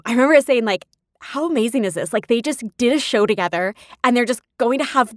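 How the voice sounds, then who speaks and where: Woman, 30s, podcast host, higher-pitched, emotional storyteller, dry mic. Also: a bit bright, no echo. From California. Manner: chatty, emotional, laughs often. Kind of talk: personal storytelling.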